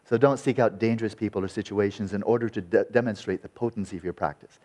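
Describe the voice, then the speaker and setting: A man teaching Buddhist meditation in a dharma talk, lively and wry, with a sarcastic edge and frequent restarts. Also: on the low side, fast.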